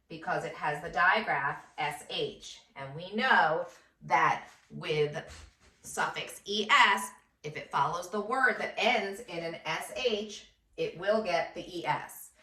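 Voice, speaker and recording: Slow patient lady teacher sounding out words for first graders, echoey room, mic kinda far. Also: fairly low pitch, bright, forceful tone. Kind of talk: slow phonics lesson for children.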